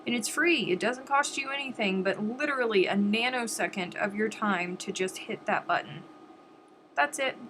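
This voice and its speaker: A woman's voice: mid-range voice, moderate pace, hardly any pauses, a bit bright, a little hiss or hum, rough recording. A woman hosting a crochet live stream, chatting casually and directly to viewers, with a sniffly, stuffed-up nose.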